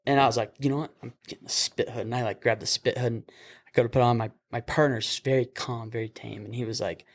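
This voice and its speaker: A man's voice: mid-range voice, quick pace, vocal fry. A young man, a paramedic, casually telling a work story over beers, laughing and acting out the voices of the people in it. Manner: animated, acts out voices in his stories, laughs often. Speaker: paramedic podcast host.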